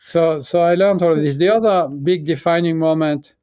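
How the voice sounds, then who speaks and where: A man in his sixties from France with a French accent, speaking as an interview guest and telling his story in a reflective, halting way with many restarts. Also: on the high side, a little mellow, dry recording. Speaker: guest, pharmaceutical chief executive. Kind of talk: conversational interview.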